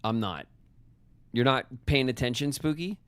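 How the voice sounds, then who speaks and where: A man's voice: medium pitch, animated, unhurried, a bit bright, clear, resonant tone, no room sound. A man streaming a puzzle game, chatting with his viewers and himself in a loose, joking way as he works out clues. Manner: chatty, talks to chat and himself, jokey asides. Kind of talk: casual live gameplay commentary.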